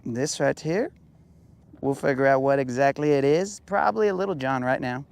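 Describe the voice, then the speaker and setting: A young man from New Mexico, talking casually and joking while bass fishing from a boat on a lake. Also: creaky, darkish tone, clear, resonant tone. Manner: laid-back, jokey, drawn-out playful lines. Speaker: fishing vlogger.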